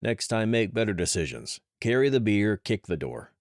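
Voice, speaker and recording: A man's voice: lowish voice, very animated, normal speed, no room sound, voice pushed up. A man voicing a good-natured female scientist with a dry, teasing manner.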